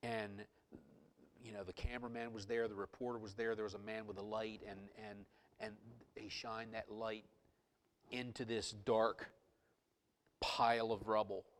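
Male pastor, lowish voice, preaching with passion, dropping to a whisper for emphasis. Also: little pitch movement, moderate pace, slight background noise. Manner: impassioned, swinging from loud exclamations to hushed near-whispers; storytelling with restarts and repeated words. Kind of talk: sermon.

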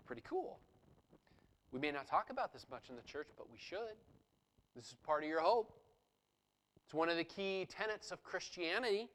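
A man's voice: high voice, animated, moderate pace, long pauses, a bit bright, rough recording. A man preaching a sermon, explaining a scripture passage verse by verse and reading passages aloud with rising intensity. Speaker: pastor.

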